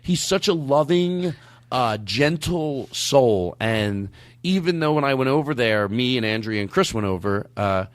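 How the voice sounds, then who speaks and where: A man's voice: medium pitch, measured pace, no room sound. A man hosting a comedy podcast, chatting in a rambling way with frequent laughs and restarts. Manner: rambling, laughing, self-interrupting. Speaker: podcast host. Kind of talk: casual comedic chat.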